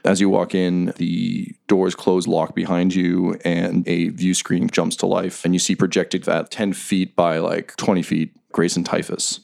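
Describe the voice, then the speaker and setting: A man narrating a tabletop game as game master in a relaxed, descriptive manner. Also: sits low, a little slow, vocal fry, hardly any pauses.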